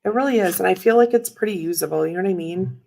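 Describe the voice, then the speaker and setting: A woman's voice: lowish voice, fast, vocal fry, dark tone, poor audio. A woman in her thirties hosting a casual chat while showing tarot cards, talking in a rambling, chatty way with lots of fillers. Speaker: tarot reader and livestream host.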